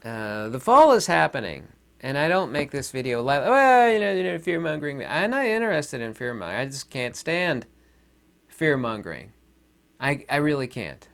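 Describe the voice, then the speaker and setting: A man rambling to camera in a casual monologue, pausing often on fillers and trailing off quietly. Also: medium pitch, sing-song. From Southern United States. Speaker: video commentator.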